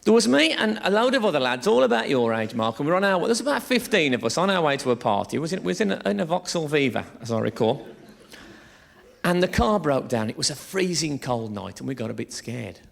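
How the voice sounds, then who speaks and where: Gravelly, lively stand-up comic on stage. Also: male voice, a little high, brisk. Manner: lively, rambling, swearing storyteller. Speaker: stand-up comedian. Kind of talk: stand-up comedy set. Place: theatre stage before a laughing audience. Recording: live theatre recording, crowd laughter.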